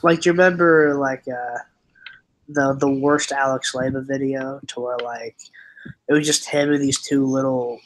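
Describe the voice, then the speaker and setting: A man's voice: medium pitch, steady tone, normal speed, rough recording. A young man hosting a casual stream chat, often stumbling over and restarting his words. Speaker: channel host.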